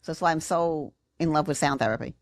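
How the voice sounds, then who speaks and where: Animated woman with a dry sound. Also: sits low, fast talker, no room sound. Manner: animated, acts out quotes in big voices. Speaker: podcast guest, sound therapist. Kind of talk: casual conversation.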